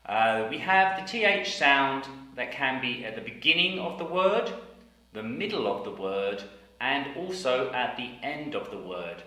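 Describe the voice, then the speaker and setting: Male pronunciation teacher, slow and deliberate, bright voice, very echoey room. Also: medium pitch, big pitch swings. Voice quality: deliberate, over-articulated delivery. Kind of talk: slow, careful teaching with repeated example words.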